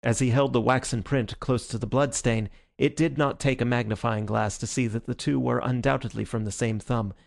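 A man narrating an audiobook in a steady, even reading style. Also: medium pitch, moderate pace, vocal fry, few pauses, no room sound, clean studio sound.

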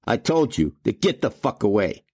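A man's voice: low-pitched, animated, normal speed, dry recording, studio quality, pitched above the performer's own voice. A man voicing a brutish, hulking male security thug in an audiobook. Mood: aggressive.

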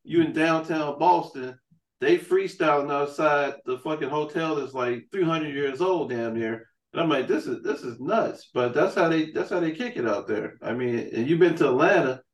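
A man's voice: fairly high pitch, normal speed, far from the mic. Man, podcast host, profane rambling stories, set back from the mic, roomy room. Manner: loose, profane storytelling with frequent "man" and "you know". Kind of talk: casual chat.

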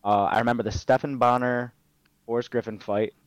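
Speaking at a medium pitch in a steady tone and a slightly quick pace, this young MMA fighter and streamer is a guest spinning stories in a relaxed interview. Fillers and swearing come often. The sound is dull, dry and lo-fi.

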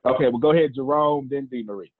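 Male host, husky voice, preachy and playful, tinny phone-like line. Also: medium pitch, fast talker, no echo. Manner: preachy, playful, repeats words. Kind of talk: motivational talk.

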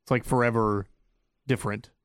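A man's voice: mid-range voice, fairly even intonation, a little fast, smooth, no room sound, clean studio sound. A man in casual chat, speaking in a hesitant, reflective way.

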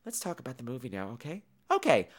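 A man hosting a horror podcast, telling stories in a campy, animated, joking way. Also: quick pace. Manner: animated, campy, bursts into shrill imitations. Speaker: podcast host. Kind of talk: casual comedic horror movie chat.

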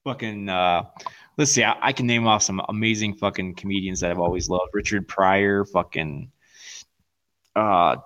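A man's voice: moderate pace, a bit bright, highs cut off. A man co-hosting a podcast in casual, profane chat, often acting out movie lines in silly voices. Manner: swears a lot, acts out movie lines in silly high voices. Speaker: podcast co-host.

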